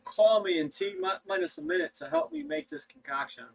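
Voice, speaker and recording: A young man hosting a casual livestream, talking in halting bursts with frequent restarts. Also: extremely high pitch, big pitch swings, vocal fry. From United States. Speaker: livestream host.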